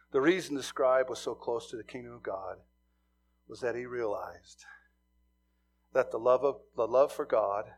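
A middle-aged man from Montana preaching a sermon, telling stories with swings from hushed asides to loud emphasis. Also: mid-range voice, slightly rough. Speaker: pastor.

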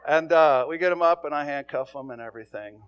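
A man preaching a sermon, telling stories in a folksy, plain-spoken way and swinging from quiet asides to loud calls. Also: fairly high pitch, fast, clean tone, dull audio. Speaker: pastor.

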